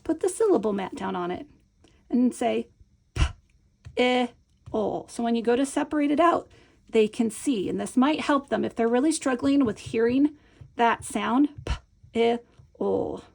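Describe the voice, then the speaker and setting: A woman with a slightly high, gravelly voice walks through a classroom reading lesson step by step. She is patient and encouraging, pausing to check that the viewer is following along. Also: lively intonation, darkish tone. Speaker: Montessori teacher. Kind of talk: instructional demonstration.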